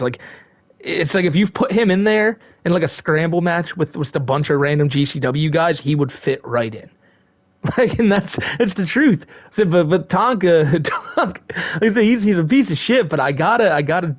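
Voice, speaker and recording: Streamer host, male, high-ish voice, dry close sound; loose, profane, rambling chat with frequent laughs. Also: animated, moderate pace, dry recording. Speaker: live streamer reading chat. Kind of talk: casual live-stream chat.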